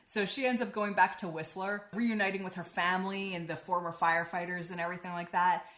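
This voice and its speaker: A woman's voice: medium pitch, a bit bright. Chatty woman in an echoey room. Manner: chatty, swears freely, lots of "like". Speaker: book reviewer. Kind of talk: casual spoken book review.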